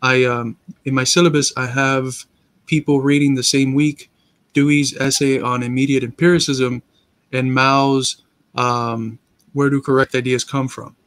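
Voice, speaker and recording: A man's voice: medium pitch, a bit bright, no echo. A man co-hosting a casual discussion, explaining ideas in a patient, lecture-like way like a teacher. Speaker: co-host and teacher.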